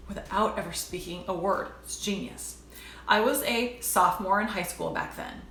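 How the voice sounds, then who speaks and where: A woman's voice: mid-range voice, measured pace, a bit bright, a little hiss or hum. A woman in her forties tells a personal story in a chatty vlog, talking directly to her viewers. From United States. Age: 40s. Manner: conversational, addresses viewers as "you guys". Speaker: vlogger. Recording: roomy echo with faint backing music.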